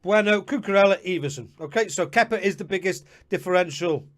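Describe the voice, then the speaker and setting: Man, high-pitched, live-stream host, chatty and friendly with viewers. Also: fairly quick, soft background music. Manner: chatty, addresses viewers by name, apologetic asides. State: slightly out of breath. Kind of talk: live-stream fantasy football chat.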